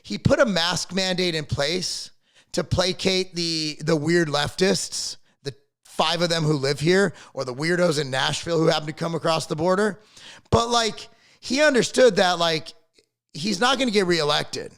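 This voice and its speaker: A man's voice: on the high side, fairly bright tone. A middle-aged man hosting his own channel, ranting to camera in a blunt, profane, rambling way and repeating his words. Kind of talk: casual opinion rant to camera.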